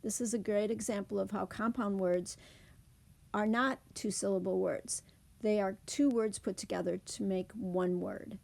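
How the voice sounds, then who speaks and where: A woman teacher explaining speech sounds in a phonics lesson, saying example words slowly and clearly. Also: mid-range voice, steady tone, darkish tone. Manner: clear, deliberate demonstration of words.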